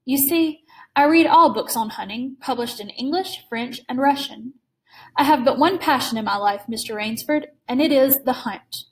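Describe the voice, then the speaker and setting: A woman's voice: high voice, moderate pace, natural voice. Suave menacing hunter, as a woman reads him. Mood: courtly.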